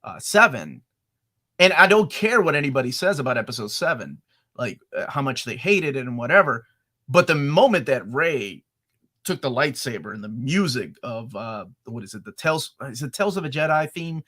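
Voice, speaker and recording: A man in his forties hosting a casual podcast chat, excitable and acting out his own reactions as he talks. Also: mid-range voice, moderate pace. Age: 40s. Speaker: podcast host.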